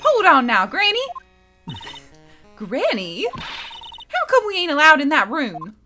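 Brassy Southern photographer, drawling, high, booming, bouncy. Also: female voice, huge pitch swings, slow pace, music in the background, exaggerated voice. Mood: rowdy. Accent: American Southern.

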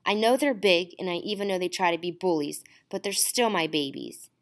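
A woman reading the part of a worn-down mother of twins who talks in a quiet, weary, apologetic way. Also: lowish voice, lively intonation, fairly quick. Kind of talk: audiobook dialogue.

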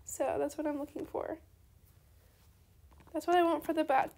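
A young woman giving chatty, excitable commentary on her own game trades, talking straight to her viewers. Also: high-pitched, unhurried. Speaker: gaming video creator. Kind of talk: casual gameplay commentary.

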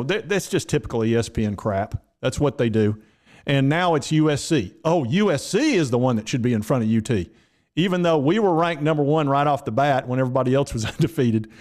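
A man's voice: medium pitch, darkish tone. A man, a sports vlogger who rants in a folksy, exasperated way. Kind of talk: casual sports commentary.

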